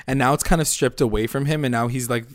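A man co-hosting a casual recap chat, talking fast and loose and slipping into the characters' lines as he retells scenes. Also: medium pitch, no room sound, clean studio sound. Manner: animated, acts out characters' lines mid-story. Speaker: podcast co-host.

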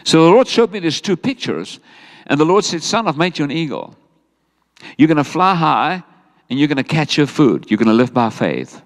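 A man's voice: a little high, very animated, moderate pace. A middle-aged South African man preaching a sermon, telling a story with animation and acting out quoted words. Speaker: pastor. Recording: echoey hall sound.

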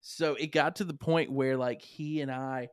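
A man's voice: mid-range voice, normal speed, clear, resonant tone, dry recording, clean studio sound. A young man with a Southern US accent, hosting a casual podcast chat and telling stories with frequent laughter. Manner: animated storyteller, laughs often. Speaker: podcast host.

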